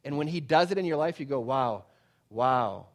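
Middle-aged pastor guy preaching, kinda high voice, gets loud then goes real soft. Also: fairly even intonation, very fast. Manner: dynamic preaching, swinging from loud emphatic to hushed and soft. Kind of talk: sermon.

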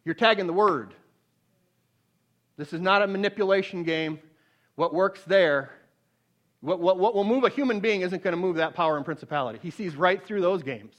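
At a moderate pace with frequent pauses, this man's sermon rises to loud, emphatic peaks and sinks into soft, hushed narration. Restarting his phrases, he tends to say words twice.

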